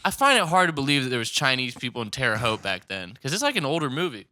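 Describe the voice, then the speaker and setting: A man's voice: mid-range voice, big pitch swings, fast talker, sharp tone, dry recording. A man from Indiana, a podcast guest, chatting casually and telling profane, laughing stories in which he acts out the people he quotes. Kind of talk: casual chat.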